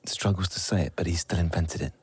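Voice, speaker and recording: A man hosting a podcast with dry, teasing humor as he brings in listener questions. His voice sits on the low side. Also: fairly even intonation, quick pace, darkish tone, breathy edge, dry recording. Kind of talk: casual podcast banter.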